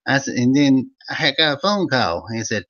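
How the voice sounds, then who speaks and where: A man's voice: lively intonation, a little fast, lo-fi sound. A man voicing Old Vern, a folksy country storyteller with an Eastern Kentucky accent. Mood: rambling yarn. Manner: loud, high-pitched, rambling yarn-spinning.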